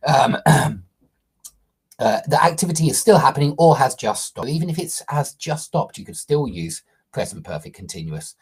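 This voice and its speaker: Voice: mid-range voice, animated, normal speed, darkish tone, breathy edge. An English grammar teacher explaining a tense step by step, stressing key points and often checking in with "okay?" or "yeah?".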